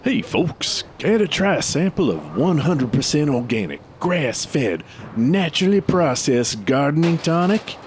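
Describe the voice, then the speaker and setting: A man doing a pushy, smooth-talking pitchman with a lively, swooping delivery. He talks fast and salesy, over faint background hiss.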